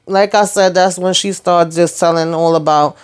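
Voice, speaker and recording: A young woman recaps a TV episode in a loose, sassy way, full of asides and animated retelling. Her voice is smooth and clean, pitched a little low for a woman. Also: moderate pace. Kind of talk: casual TV recap.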